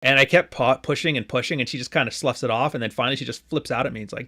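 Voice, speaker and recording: Guy in his late 30s from canada, average pitch, rambling jokey podcast host chatting to his live chat, swears a bit. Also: racing, bright, forceful tone. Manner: rambling, joking, swears freely. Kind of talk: casual live-stream talk to a chat.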